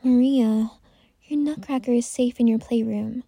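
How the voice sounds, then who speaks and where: A woman voicing a stern but caring mother in a bedtime story, scolding slowly in a soft, breathy voice. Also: on the high side, steady tone, no echo, exaggerated voice.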